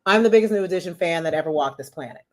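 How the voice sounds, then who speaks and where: Middle-aged woman guest, lowish voice, chatty storyteller who leans on "you know". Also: rapid-fire. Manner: chatty, animated, many "you know" fillers. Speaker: podcast guest, marketing executive. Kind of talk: casual storytelling interview.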